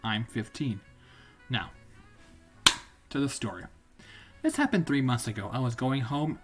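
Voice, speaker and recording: A man reads stories on a live stream in a loose, rambling way, often doubling back to fix his words. His voice is a little husky and rises and falls with lively swings in pitch. Faint music plays underneath. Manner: rambling, self-correcting, casual. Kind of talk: live-streamed story reading.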